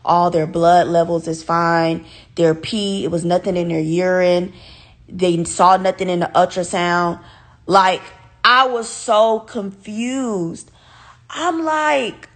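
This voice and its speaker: A woman's voice: mid-range voice, measured pace, fairly bright tone. A woman vlogger from the United States tells a personal story to camera in a loose, casual way. She talks straight to her viewers, leans hard on her words and swears freely.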